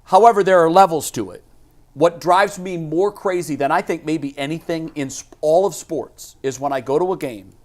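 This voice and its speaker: A man co-hosts a sports talk show with a slightly raised pitch. He speaks in an opinionated, animated way and often restarts his sentences. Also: normal speed. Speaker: sports radio co-host.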